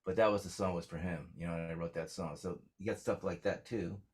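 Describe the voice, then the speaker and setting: A man's voice: sits low, fairly even intonation, fairly quick, husky. A man telling stories as a songwriter guest in a casual interview, rambling with lots of fillers.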